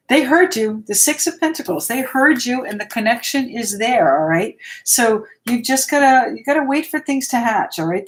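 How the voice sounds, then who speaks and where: Over very heavy background noise, an American woman speaks in a fairly high pitch while running a live tarot reading. Between cards she muses out loud, responds to her viewers, and offers them comfort.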